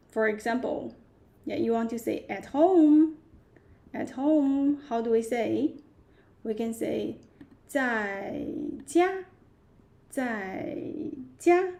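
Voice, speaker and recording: A woman teaching Chinese words on a live stream, speaking slowly and repeating each word several times while stressing its tones. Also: on the high side, gravelly, dark tone. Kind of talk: live-streamed language lesson. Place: live stream set-up at home.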